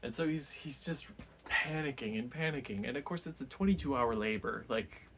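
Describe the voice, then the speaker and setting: A man's voice: medium pitch, moderate pace, noisy background. A man casually talking through a book he read, rambling with many restarts and fillers. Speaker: book reviewer.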